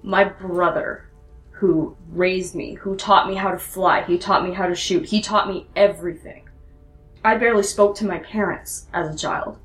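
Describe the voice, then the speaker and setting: A woman's voice: on the low side, fairly even intonation, faint music behind, close to an everyday voice. A woman voicing an anguished rebel pilot. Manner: earnest, pleading, slow deliberate pauses. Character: young woman rebel pilot, fierce and hurt. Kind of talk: tabletop role-play. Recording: roomy echo.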